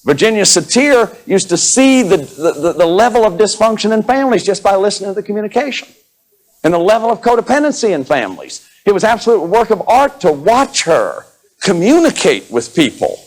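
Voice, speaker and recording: A man in his fifties giving a lively lecture on therapy, acting out examples, laughing often and restarting his sentences. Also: high-pitched, a little fast, rough recording. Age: 50s. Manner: repeats words, restarts sentences. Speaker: therapist lecturing on inner child work.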